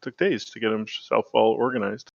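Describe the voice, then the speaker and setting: A man's voice: lowish voice, fairly even intonation, moderate pace, gravelly, darkish tone, muffled recording. A man co-hosting a gaming podcast, rambling with lots of fillers and self-corrections. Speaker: podcast co-host. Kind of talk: casual gaming podcast chat.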